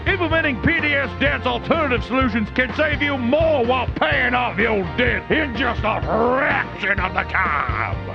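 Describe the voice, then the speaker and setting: Gravelly, high-voiced man doing an ad read. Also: animated. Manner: fast, emphatic pitchman delivery. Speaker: host reading a sponsor ad. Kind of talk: energetic ad read. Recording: dull lo-fi sound with music underneath.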